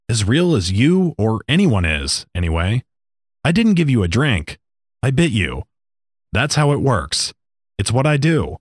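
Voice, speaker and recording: A man voicing an old talking desert snake, calm and matter-of-fact with dry jokes. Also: mid-range voice, dry recording. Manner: matter-of-fact, dryly joking.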